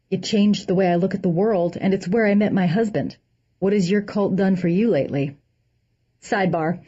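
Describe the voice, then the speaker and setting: A woman's voice: mid-range voice, dark tone. A woman reading a humorous essay aloud with a dry comic delivery, acting out the quoted lines. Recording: dull lo-fi recording.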